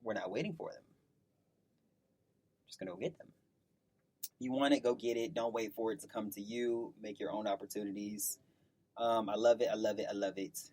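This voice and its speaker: Very low-voiced playful woman. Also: steady tone, a little fast, pauses often, darkish tone. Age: young adult. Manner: playful, joking, drifts into sing-song. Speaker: podcast co-host. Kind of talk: casual chat.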